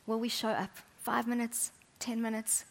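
A woman preaching a sermon, chatty and humorous, often dropping to soft, intimate tones. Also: a little high, flat delivery, normal speed.

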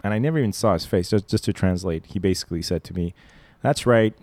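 A man's voice: low-pitched, racing, a little mellow, no room sound. A man chatting on a podcast in a studio, telling jokey stories. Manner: storytelling, jokey, slips into put-on voices. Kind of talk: casual chat. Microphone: studio mic.

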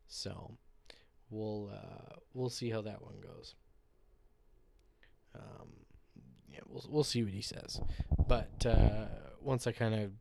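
A man's voice: lowish voice, steady tone, slow pace, vocal fry, pauses often, a little mellow, no room sound. A man hosting a solo podcast, chatting casually in a loose, rambling, joking way with some swearing. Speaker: podcast host. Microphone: podcast microphone.

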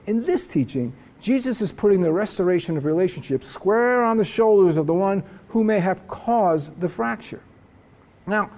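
Guy pastor giving a sermon, kinda high voice, swoops around a lot, really emphatic. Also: a little mellow. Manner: earnest, emphatic preaching with dramatic pauses.

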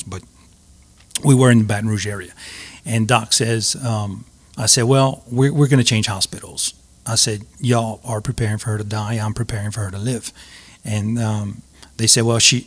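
A middle-aged man with a drawl shares a personal story as an interview guest. He talks earnestly and haltingly, circling back and restarting phrases as he goes. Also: on the low side.

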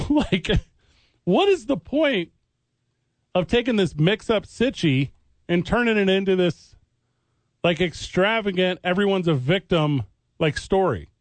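A man's voice: high-pitched, expressive, a little slow, dry recording. A man co-hosting sports talk radio, arguing his point and choosing his words with care. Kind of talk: heated sports talk debate.

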